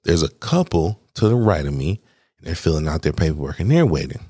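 A man casually telling a personal story, slangy and animated, swearing and talking straight to his listeners. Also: rumbling low, fairly quick, slightly rough, no echo, studio quality. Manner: acts out quoted lines in a raised voice.

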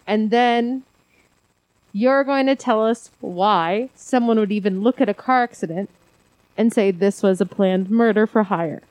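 A woman's voice: medium pitch, unhurried, a little mellow, no room sound, poor audio. A woman co-hosting a casual conspiracy podcast, rambling and self-deprecating, often laughing. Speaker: podcast co-host.

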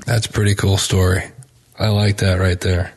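A male radio co-host with a lowish, somewhat husky voice. He reacts to his guest with short, easy-going remarks and laughter. He then closes out the segment for the listeners. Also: normal speed. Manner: relaxed, laughs along, brief reactions. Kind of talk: radio interview hosting.

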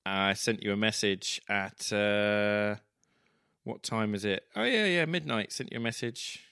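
A man's voice: on the low side, measured pace, vocal fry, bright, forceful tone, clear, resonant tone, no echo, studio quality. A man co-hosting a casual film podcast, rambling and teasing, swearing freely as he talks through his thoughts. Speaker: podcast co-host.

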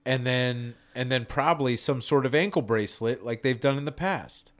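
A man's voice: mid-range voice, normal speed, fairly bright tone. A man co-hosting a casual podcast, bantering and arguing back. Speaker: podcast co-host.

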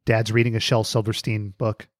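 A man's voice: lowish voice, moderate pace, no room sound, clean studio sound. A man co-hosting a casual podcast, recapping an episode with jokes and frequent laughter. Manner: joking, laughs often, lively storytelling. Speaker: podcast co-host.

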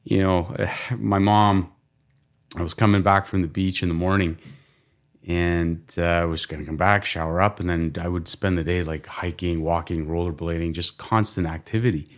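A man as a podcast guest, telling stories in a casual, animated way, often laughing and imitating people. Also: low voice, moderate pace. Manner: laughing, animated storyteller who mimics people. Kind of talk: casual storytelling.

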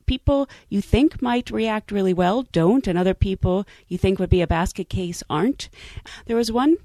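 A woman recounting a personal story in an interview, wry and animated. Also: medium pitch, normal speed, no echo.

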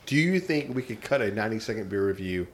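A man's voice: on the low side, animated, fast talker, crowd noise. A man co-hosting a casual beer review chat, joking around and laughing often, with lots of filler words. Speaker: podcast co-host.

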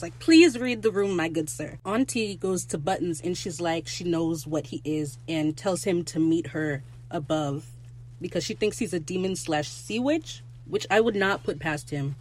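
On her casual solo podcast, a young woman excitedly gushes while recapping a TV episode, tossing in quick quotes from the characters. Her voice is on the low side, with slight background noise.

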